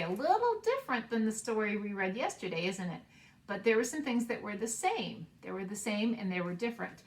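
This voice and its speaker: A woman's voice: mid-range voice, sing-song. Woman teacher reading aloud to preschoolers. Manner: slow, sing-song read-aloud with playful voices for the animals. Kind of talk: storybook read-aloud for children.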